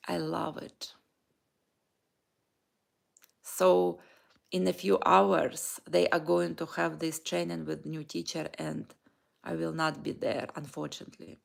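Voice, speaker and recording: Woman vlogging, very slow delivery, gravelly creaky voice, lowish pitch. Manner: slow, halting, heartfelt, with pauses and restarts. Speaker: vlogger and life coach. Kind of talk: personal morning reflection vlog.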